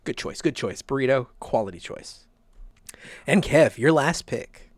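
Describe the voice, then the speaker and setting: A man hosting a relaxed podcast, talking at a middle pitch. He rambles a little, repeats himself and laughs easily. The sound is dry and close, with no room around it. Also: measured pace, slightly rough, dry recording. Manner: laughs often, repeats himself, many fillers. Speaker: podcast host. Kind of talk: casual chat.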